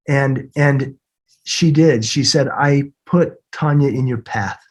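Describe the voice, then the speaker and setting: A man in his fifties, appearing as a podcast guest, earnestly shares an emotional personal story, often repeating words and laughing softly. His voice is medium-pitched and slow. He's at home while it snows outside.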